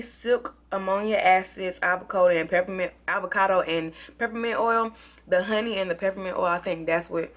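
A beauty vlogger with a Southern US country accent chats casually through a product review, saying y'all a lot. Her voice sits on the low side with a fairly bright tone.

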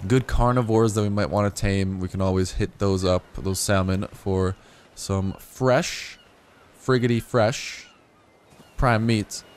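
Pitched fairly low, a young man provides laid-back, joking commentary on his gameplay for YouTube. He drifts into tangents and now and then erupts with excitement.

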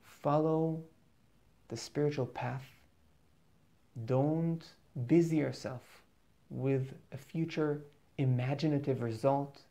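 Guy with a gravelly voice doing an earnest spiritual pep talk, keeps repeating words to drive it home. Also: mid-range voice, fairly even intonation, slow, pauses often, dark tone. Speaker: spiritual teacher.

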